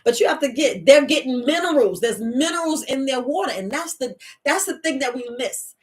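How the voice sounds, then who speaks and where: Animated woman. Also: high-pitched, a little fast. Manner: animated storyteller, acts out quoted voices, laughs often. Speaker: herbalist podcast host. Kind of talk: casual monologue.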